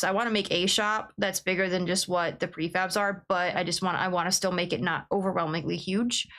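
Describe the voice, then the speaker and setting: A young woman streaming a game, chatting in a rambling, excitable way and laughing often. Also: on the low side. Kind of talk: casual livestream chat.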